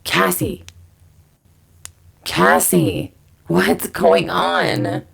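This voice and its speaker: A woman's voice: fairly low pitch, very animated, very slow, a bit bright, heavily acted. Woman doing a warbling possessed creature. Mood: eerie calling. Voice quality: warbling, creaky and husky.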